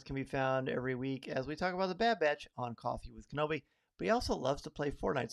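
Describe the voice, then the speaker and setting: A man's voice: mid-range voice, vocal fry, fairly bright tone. A man hosting a live podcast, upbeat and chatty, greeting viewers by name as they arrive. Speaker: podcast host.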